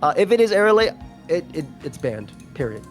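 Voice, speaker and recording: A man's voice: on the high side, sing-song, moderate pace, faint music behind. A man chatting casually as a guest, slangy and assertive as he argues his points. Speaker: guest co-host. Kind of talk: casual chat.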